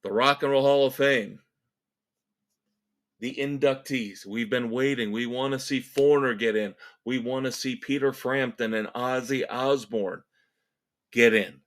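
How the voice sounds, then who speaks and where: A man's voice: medium pitch, steady tone, unhurried. A man hosting a music podcast, ranting in a sarcastic, exasperated and emphatic way. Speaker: podcast host. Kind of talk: opinionated solo rant.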